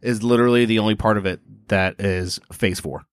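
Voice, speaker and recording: A man's voice: lowish voice, fairly even intonation, fairly quick, clean tone, no room sound, studio quality. A man co-hosting a casual podcast, chatty and opinionated, with frequent fillers. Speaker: podcast co-host. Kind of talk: casual chat.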